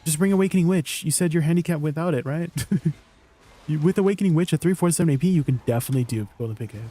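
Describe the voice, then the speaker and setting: A man's voice: a little high, rapid-fire, mellow. A young man streaming a game, answering his viewers in a teasing, incredulous way. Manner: incredulous, teasing replies to chat. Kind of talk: live stream chat with viewers.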